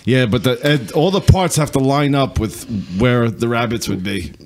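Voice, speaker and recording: A man's voice: medium pitch, normal speed, darkish tone. A man trading crude, sarcastic jokes and riffing on bits. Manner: riffing, sarcastic, joins bits with mock voices. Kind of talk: crude casual banter.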